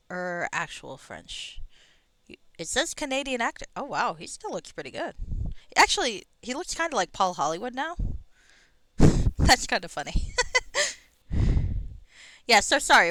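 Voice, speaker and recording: A woman's voice: medium pitch, a bit bright, no room sound. A woman streaming a game, chatting casually on tangents, swearing and laughing at herself, breathing audibly into a close mic. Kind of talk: casual rambling chat. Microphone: close microphone.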